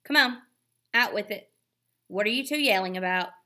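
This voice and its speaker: A woman's voice: on the high side, animated, measured pace, pushed and bright, voice pushed up, full character voice. A woman reading aloud, voicing a tired, worried mother who speaks weary and firm.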